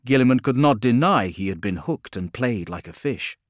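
A man reading an audiobook in steady, measured scripted narration. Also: medium pitch, dry recording, studio quality.

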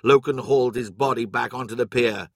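A man's voice: mid-range voice, steady tone, fairly quick, no echo. Man narrating a story in a dry, close sound. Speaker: audiobook narrator.

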